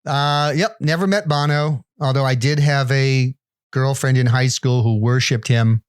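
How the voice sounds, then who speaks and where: A man in his fifties telling long anecdotes and mocking himself as he goes. His voice is mid-pitched and dry, with little room sound. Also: fairly even intonation, measured pace, clear, resonant tone, no echo. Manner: rambling self-deprecating anecdotes with restarts. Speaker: podcast co-host. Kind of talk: casual chat, storytelling.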